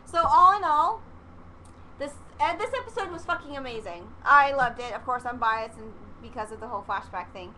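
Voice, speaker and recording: A young woman with a high, bright voice rattles through an episode recap, rambling and excitable, dropping casual swears and acting out what the characters say. Her chatty vlog is recorded with a faint hiss of background noise behind her. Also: low-quality recording. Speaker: vlogger reviewing a TV episode.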